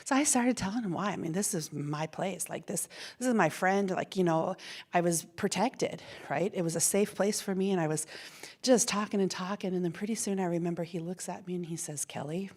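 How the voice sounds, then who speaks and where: A middle-aged woman giving a plenary talk, telling a personal childhood story in an animated way with frequent repeats and laughs. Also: fairly low pitch, brisk. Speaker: plenary speaker. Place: university ballroom.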